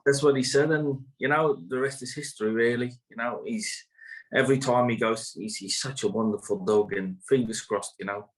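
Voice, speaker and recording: A man's voice: medium pitch, normal speed, poor audio. A man, a greyhound trainer, talking casually in an interview, rambling with many fillers and restarts.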